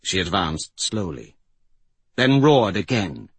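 A man narrating a fantasy audiobook in a slow, measured storytelling voice. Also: deep voice, sing-song, breathy edge, dry recording.

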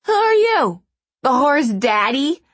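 A woman's voice: sits high, big pitch swings, slow, no room sound, pitched above the performer's own voice, full character voice. A woman narrator voicing a furious, jealous middle-aged blonde woman who shrieks and sneers insults. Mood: shrieking, enraged.

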